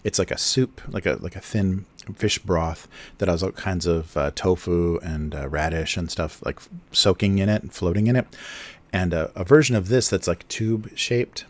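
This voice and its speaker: A low-pitched man chatting casually on his livestream from a home setup, talking close into a desk microphone. He wanders through his explanations with plenty of ums, uhs and restarts. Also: normal speed. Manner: rambling, explains with many fillers and restarts. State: chewing food near the mic. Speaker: livestream host, cartoonist. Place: home studio in Japan. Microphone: close desk mic.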